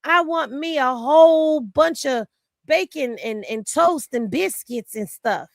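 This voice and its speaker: A woman's voice: sits high, animated, takes it slowly, vocal fry, dry recording, clean studio sound. A woman hosting casual reaction commentary, blunt and sassy, talking straight to her viewers. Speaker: commentary host. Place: home room with rain on a tin roof.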